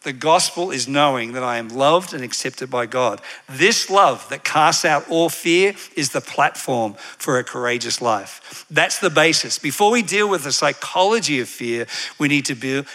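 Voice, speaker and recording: A man's voice: medium pitch, normal speed. A man preaching a sermon with energy, getting the congregation to repeat lines back and drifting into side stories. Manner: energetic, leads congregation call-and-response; animated, digressive storytelling.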